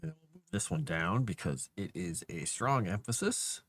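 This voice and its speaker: Deep-voiced man muttering while he works. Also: sing-song, moderate pace, breathy edge. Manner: mutters to himself while working, grumbles at software. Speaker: livestreamer formatting a document. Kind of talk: casual working livestream, thinking aloud.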